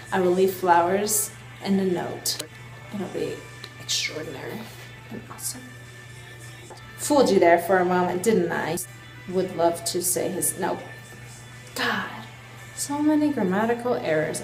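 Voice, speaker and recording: A woman's voice: medium pitch, reverberant, low-quality recording. A young woman vlogger reading an old letter aloud and mocking her own writing as she goes. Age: young adult. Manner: self-mocking, animated.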